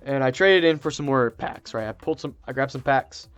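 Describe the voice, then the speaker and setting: Male host, mid pitch, chatty and excitable, rambling storyteller; faint music underneath. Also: a little fast, smooth, dry recording, rough recording. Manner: excitable, rambling, many fillers and restarts. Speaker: channel host. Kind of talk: casual storytelling to camera.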